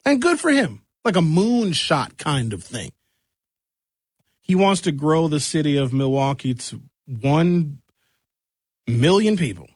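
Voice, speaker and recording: A man hosting a talk show who is hoarse from recent shouting, giving blunt, conversational commentary on local news and asking rhetorical questions. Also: a little high, very animated, slow pace, pauses often, no echo, studio quality.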